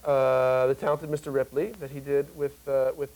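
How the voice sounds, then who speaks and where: A man in his twenties, a guest actor on a talk show, telling stories in an animated, joking way with lots of fillers. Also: medium pitch, moderate pace, poor audio. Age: 20s. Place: TV studio before an audience.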